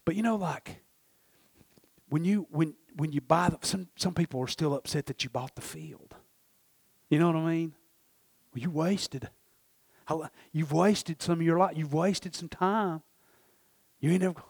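A middle-aged man preaching a sermon, rambling and breaking off mid-thought, his voice swinging from hushed asides to shouts. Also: a little high, a little slow, gravelly, husky, no room sound.

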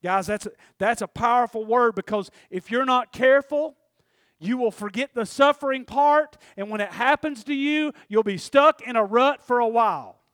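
A man's voice: very high-pitched, normal speed, a bit bright, dry recording, studio quality. A man preaching a folksy, conversational sermon, often checking in with the congregation.

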